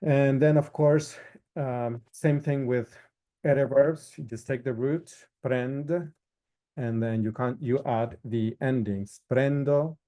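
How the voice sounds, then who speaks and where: A man teaching a recorded lesson, explaining verb forms slowly with frequent fillers and listing each form one by one. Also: medium pitch, fairly even intonation, mellow. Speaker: Italian instructor. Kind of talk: recorded lecture.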